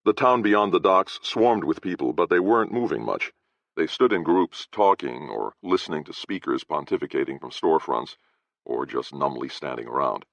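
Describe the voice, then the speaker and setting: A man narrating an audiobook in first person with measured storytelling, in a dry, slightly dull recording. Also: extremely low pitch, animated, gravelly, a bit bright, no echo.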